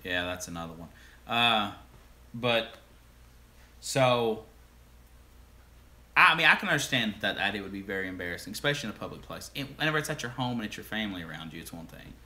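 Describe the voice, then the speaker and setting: Male co-host, casual rambling storyteller, bright tone. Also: on the low side, expressive, brisk, long pauses. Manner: rambling, restarts, laughs while acting out quotes.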